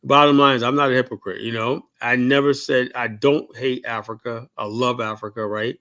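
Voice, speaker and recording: A man's voice: mid-range voice, fairly even intonation, normal speed, sharp tone. A man from the United States hosting a call-in show, ranting heatedly and asking "you know?" again and again. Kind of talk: ranting livestream commentary.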